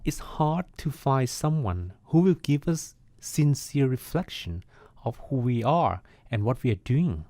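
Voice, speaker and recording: A man, a Buddhist monk, hosting a podcast and giving a calm, reflective meditation talk. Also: medium pitch, a little slow, no room sound.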